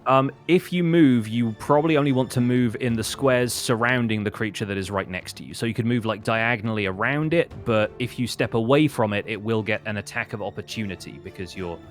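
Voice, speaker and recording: A man's voice: lowish voice, brisk, soft background music. A man guides players through a tabletop game as its game master. He explains rules patiently and describes the action, with frequent ums and uhs along the way. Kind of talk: narrating a tabletop game on a stream.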